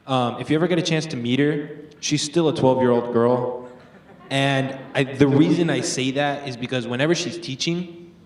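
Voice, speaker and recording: A man's voice: mid-range voice, far from the mic. Rambling teenage guy in an echoey room. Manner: rambling, full of "like" and "um". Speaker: student panelist. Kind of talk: casual panel answer.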